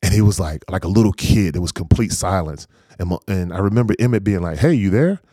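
A man in his forties from North Carolina, a former pro football player, telling stories in an easygoing, animated way in an interview. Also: sits low, quick pace, no echo, clean studio sound. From North Carolina, USA. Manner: easygoing, animated anecdotes with frequent laughs. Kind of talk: casual storytelling interview.

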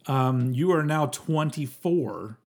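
A man in his forties co-hosting a casual podcast, talking in a rambling, halting way with plenty of fillers and swearing. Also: medium pitch, expressive. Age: 40s. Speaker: podcast co-host. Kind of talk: casual chat.

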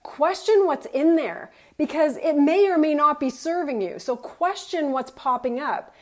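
A woman's voice: high voice, measured pace, a little mellow. A middle-aged woman, a motivational speaker, telling a personal story and acting out her own thoughts. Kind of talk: personal story told to an audience.

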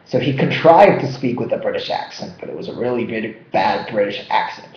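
A man hosting a vocabulary lesson, explaining words in an animated, jokey way. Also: on the low side, a little fast, hardly any pauses, slight background noise. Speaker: vocabulary teacher. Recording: roomy, dull lo-fi sound.

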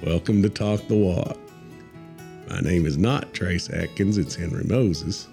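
A hoarse man co-hosting a casual podcast chat. His voice sits low and gravelly, dark and mellow. He talks in an easy, folksy drawl. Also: a little slow, soft background music. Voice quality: gravelly, deepened raspy voice. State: hoarse from a cold. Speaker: podcast co-host.

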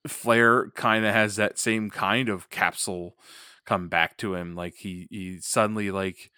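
Low-voiced man in rambling casual chat. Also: measured pace, smooth, dry recording, studio quality. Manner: animated, rambling with many fillers. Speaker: podcast co-host. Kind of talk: casual chat reviewing a wrestling match.

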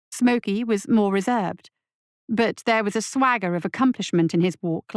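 A woman reads a dark short story aloud at a measured, steady pace. Her voice sits in a middle range and is recorded close and dry, with no room sound around it. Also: mid-range voice, smooth, dry recording. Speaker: audiobook reader. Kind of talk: scripted story narration.

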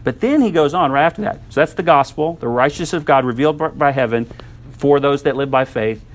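A man preaching a sermon in a conversational teaching style, often checking in with the listeners with quick asides. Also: mid-range voice. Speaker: pastor.

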